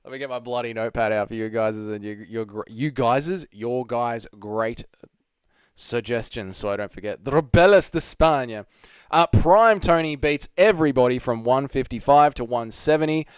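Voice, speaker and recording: A man's voice: medium pitch, normal speed, clean tone, no echo. A young man hosting a casual live stream, chatting and reading out viewer comments with plenty of swearing. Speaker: livestream host.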